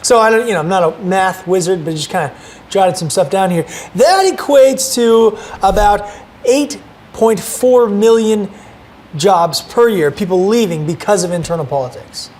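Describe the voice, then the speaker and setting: A man's voice: high voice, normal speed, a little mellow. A man co-hosting a business podcast, upbeat, asking prompting questions and citing statistics. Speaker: podcast co-host. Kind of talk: podcast interviewing.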